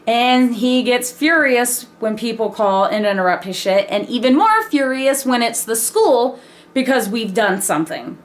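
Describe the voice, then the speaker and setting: A woman telling a personal story in a casual, animated way, laughing and swearing freely. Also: a little high, measured pace. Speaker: vlogger.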